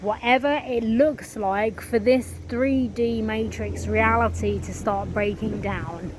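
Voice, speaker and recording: Slow, earnest woman talking spirituality. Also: a little high, steady tone, noisy background. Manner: earnest, swears freely, slow and drawn out. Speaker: spiritual vlogger. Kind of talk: casual spiritual monologue.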